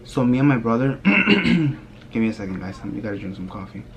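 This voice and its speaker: A young man vlogger telling a spooky story in a casual, rambling way, often dropping his voice low and filling with "like". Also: sing-song, moderate pace, gravelly, highs cut off, very noisy. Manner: rambling, hushed telling with many "like" fillers.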